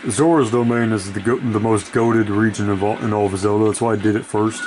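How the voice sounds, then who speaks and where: With a lowish, fairly even voice that moves a little fast, a tired video game creator rambles and swears while playing, poking fun at himself in casual commentary. Noise sits in the background.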